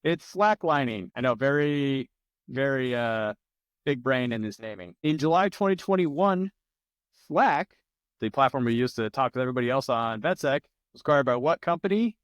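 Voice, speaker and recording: A man's voice: mid-range voice, animated, moderate pace, smooth, dry recording. A man hosting an online trivia night from his home, reading out answers with loose, joking, sometimes profane asides. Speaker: trivia host. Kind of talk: casual live-stream trivia hosting. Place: home room with a large plant behind him.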